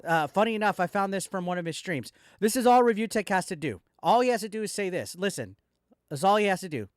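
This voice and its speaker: High-voiced man in a profane rant. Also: lively intonation, fast talker, no echo, clean studio sound. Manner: profane, heated ranting addressed straight at a rival. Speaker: commentary channel host. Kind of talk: angry reaction commentary.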